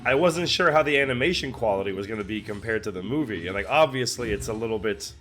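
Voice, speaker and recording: Male reaction host, bright tone, easygoing chatter, quick to laugh, salty language. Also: on the low side, soft background music. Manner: excitable, laughs often, swears casually. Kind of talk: casual reaction commentary.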